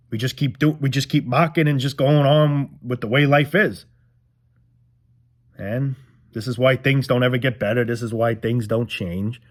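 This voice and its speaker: A young man ranting casually to his viewers, frustrated and rambling, swearing often and repeating himself. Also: mid-range voice. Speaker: vlogger. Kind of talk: casual rant to camera.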